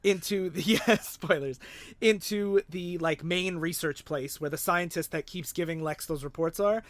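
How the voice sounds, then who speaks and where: A man co-hosting a casual podcast, walking through a comic book story and slipping into the characters' lines as he goes. His voice sits a little high and comes across close and dry, with no room sound. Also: moderate pace, no echo. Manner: retells scenes and acts out quotes. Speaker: podcast co-host.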